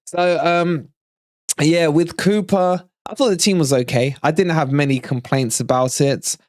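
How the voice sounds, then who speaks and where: A man hosting a fan live stream, chatting casually, animated and teasing, with frequent laughs. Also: on the high side, measured pace, dry recording, clean studio sound. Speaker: fan channel livestream host.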